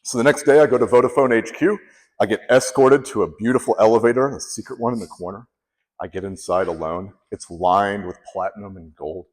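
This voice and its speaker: A man's voice: fairly low pitch, fairly quick. A man giving a humorous storytelling speech, acting out the people he quotes. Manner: animated, acts out quoted people. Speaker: contest speaker. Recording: long hall reverb.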